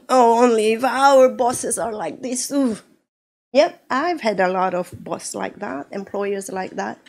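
A woman pastor from the Philippines preaching a sermon, slow and animated, acting out quotes as she goes. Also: on the high side.

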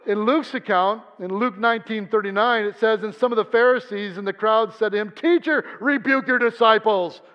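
Male pastor, high-pitched voice, earnest sermon delivery, dull sound with a long church reverb. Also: steady tone, a little fast, few pauses. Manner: earnest preaching, acts out quoted voices. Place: church sanctuary.

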